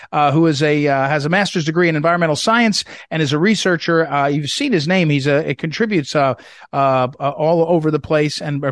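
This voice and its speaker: A man's voice: fairly high pitch, no echo, clean studio sound. A man hosting a talk radio show, rambling with many fillers and restarts as he interviews a guest.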